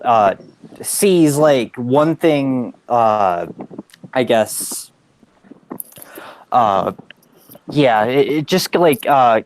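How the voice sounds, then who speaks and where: A tired man speaks in a casual group chat, drawing his words out very slowly and stumbling through fillers and restarts. Faint noise sits under his voice, and the pitch is middling. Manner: halting, rambling, many fillers and restarts.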